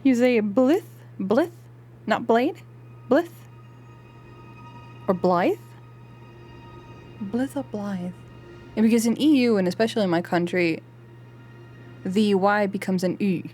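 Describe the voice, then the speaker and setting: Woman streamer talking through a game, chatty and animated. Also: medium pitch, moderate pace, long pauses, soft background music. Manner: animated, chatty, swears and laughs often. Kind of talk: live game stream chat.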